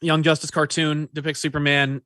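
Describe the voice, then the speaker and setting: A man co-hosting a casual chat about comics, jokey and animated, often trailing off into asides. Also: a little high, moderate pace, dry recording, studio quality. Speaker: comics podcast co-host.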